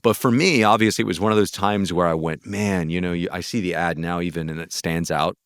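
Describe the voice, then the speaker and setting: Man from north carolina, gritty chest voice, very deep, rambling animated anecdotes, dry sound. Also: fast, clean tone, dry recording. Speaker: guest voice actor. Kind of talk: casual interview storytelling.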